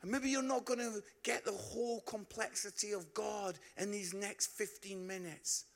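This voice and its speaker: A Scottish man preaching a storytelling sermon, animated, swinging from shouts to hushed tones and often asking the crowd "yeah?". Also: high-pitched, normal speed, creaky. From Scotland. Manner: frequent tag "yeah?" to the crowd.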